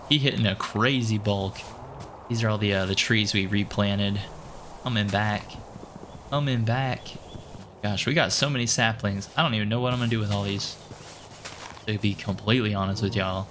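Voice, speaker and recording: A low-voiced man chats through his gameplay in a relaxed, playful way, calling himself "your boy" and thinking out loud. His voice often jumps up in pitch when something excites him. A faint hiss sits under his voice. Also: fairly quick. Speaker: gaming channel host. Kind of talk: casual gameplay commentary.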